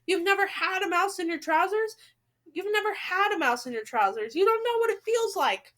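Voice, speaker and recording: A woman reading aloud plays a frantic male cook, yelling and pleading in a high, strained voice. His words tumble out loud and shrill, every line begging for help. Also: animated, moderate pace. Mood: panicked.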